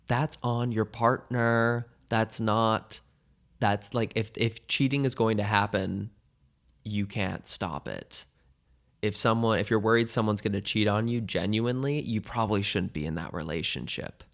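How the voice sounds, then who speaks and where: A man's voice: lowish voice, vocal fry. A man hosting a podcast, answering listener questions in a candid, rambling, self-mocking way. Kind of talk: casual advice chat.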